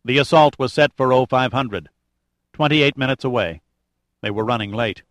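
A man narrating an adventure audiobook in a steady, measured way with light drama. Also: mid-range voice, dry recording. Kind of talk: scripted narration.

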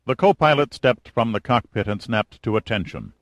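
A man narrating a thriller audiobook in a steady, even storytelling manner. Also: mid-range voice, normal speed, no echo.

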